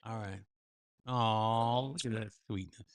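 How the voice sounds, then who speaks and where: A man's voice: on the low side, slow, no room sound. Chatty man hosting a couples livestream. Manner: chatty, addresses viewers as folks. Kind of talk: casual livestream chat.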